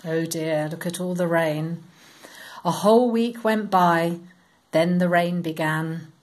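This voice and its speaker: A woman reading a Bible story aloud to children, in a slow, expressive, sing-song storytelling manner. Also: on the low side.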